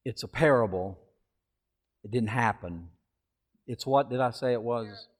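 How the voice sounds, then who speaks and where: A man preaching a sermon in a conversational way, with asides and quick self-corrections. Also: medium pitch, in a large hall.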